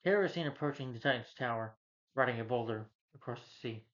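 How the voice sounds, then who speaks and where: A man who reviews movies runs through a film's story at a quick pace, his medium-pitched voice fairly bright. He wanders and fills the gaps with lots of "you know," all captured in a dull, lo-fi recording.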